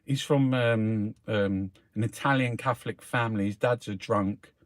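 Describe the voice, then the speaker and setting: A Cockney man from South London talks in a loose, rambling monologue, peppering every sentence with swearing and "mate". His voice sits fairly low, and the sound is dry and close, with no room around it. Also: moderate pace, no echo. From South London, England. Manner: swears constantly, calls listeners mate. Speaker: host reviewing the newspapers.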